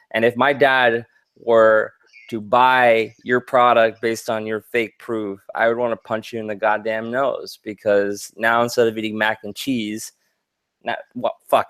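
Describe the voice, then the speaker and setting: A man's voice: mid-range voice, no room sound. A man on a casual podcast, ranting in a heated, profane way, stammering and restarting as he gets worked up, nearly in tears. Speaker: podcast co-host.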